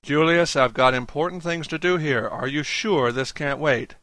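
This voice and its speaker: A busy, curt doctor talks in a bright, firm and businesslike voice, as a male reader puts him on. The audiobook is recorded dry, with no room echo. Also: fairly high pitch, moderate pace. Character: brusque, busy male doctor, mildly irritated. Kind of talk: audiobook dialogue reading.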